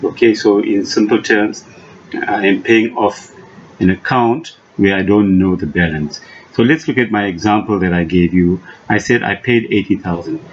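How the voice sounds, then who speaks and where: A man's voice: on the low side, fairly bright tone. A man from South Africa teaching an accounting lesson, patient and emphatic, repeating key points with frequent restarts. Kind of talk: classroom lesson explanation. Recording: dull lo-fi recording with faint noise.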